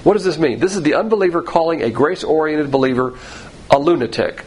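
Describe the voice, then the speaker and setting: A man's voice: on the high side, fairly quick, darkish tone, a little hiss or hum, rough recording. A man teaching through a Bible passage verse by verse, talking conversationally and often repeating himself while he finds his words. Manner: conversational, repeats words and restarts, spells out terms.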